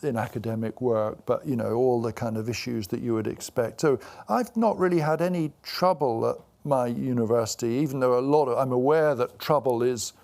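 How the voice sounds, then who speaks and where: A man in his sixties speaks in a live onstage conversation. He wanders through anecdotes, stopping and restarting with plenty of fillers. His pitch sits in the middle range. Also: brisk, gravelly, few pauses, darkish tone. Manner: rambling anecdotal storyteller with many fillers and restarts. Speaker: author and guest. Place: event before a live audience.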